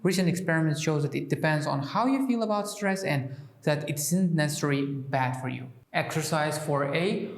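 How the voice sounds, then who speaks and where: A man's voice: a little high, moderate pace, few pauses. A man talks through textbook exercises one by one in a hesitant way. He breaks off and restarts his sentences often. The room gives his voice a roomy echo. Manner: hesitant, many restarts and fillers. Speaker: English teacher. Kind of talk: walkthrough of a textbook lesson.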